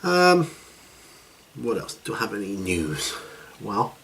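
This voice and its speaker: Middle-aged man, lowish voice, casual rambling vlog host. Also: slow, creaky, a little hiss or hum. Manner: rambling, relaxed, with many fillers and restarts. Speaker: hobby channel host. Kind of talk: casual chat.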